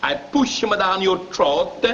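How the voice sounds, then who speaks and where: Italian immigrant grocer, heavy Italian accent, broken English, high lively voice, dull old film sound with faint hiss. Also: male voice, measured pace, full character voice. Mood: argumentative. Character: hot-tempered, big-hearted Italian immigrant grocer, middle-aged man. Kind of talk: 1930s film acting.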